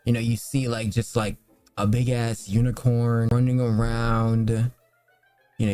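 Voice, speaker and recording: A man's voice: medium pitch, warm tone, dry recording. A young man reviewing films in a loose, rambling casual chat, full of fillers and swearing. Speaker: movie reviewer.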